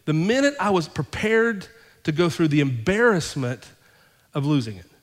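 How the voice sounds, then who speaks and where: A male pastor preaching a sermon, telling a personal story and acting out both sides of the conversations, then building to fervent, loud preaching. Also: a little high, big pitch swings, normal speed, in a large hall.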